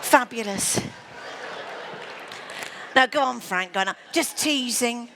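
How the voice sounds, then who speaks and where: High-voiced woman teasing on stage. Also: takes it slowly, fairly bright tone, a little hiss or hum. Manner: teasing and flirty, calls the volunteer darling. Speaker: comedy magician. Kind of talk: stage comedy patter with a volunteer.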